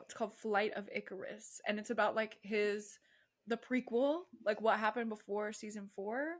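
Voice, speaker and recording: A woman in her twenties co-hosts a podcast, chatting casually and animatedly with lots of laughter. Her voice is medium in pitch with a fairly bright tone.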